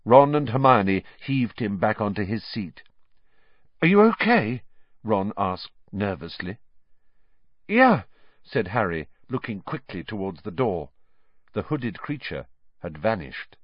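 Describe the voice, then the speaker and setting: A man's voice: lowish voice, animated, unhurried, dry recording, lo-fi sound. A man narrating an audiobook with dramatic, suspenseful storytelling. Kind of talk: scripted narration.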